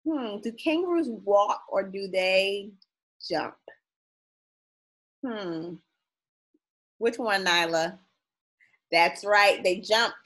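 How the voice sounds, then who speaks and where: Slow, sing-song woman teacher reading aloud. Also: medium pitch, fairly bright tone. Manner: sing-song, playful, drawn-out sound words, coaxing questions to the children. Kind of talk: picture book read-aloud to young children.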